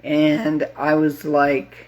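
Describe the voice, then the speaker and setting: Slow, halting woman in her fifties. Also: sits low, monotone, slight background noise. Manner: slow, halting, with many pauses and fillers; heartfelt, openly emotional. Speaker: grief support group host. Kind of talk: live casual talk to viewers.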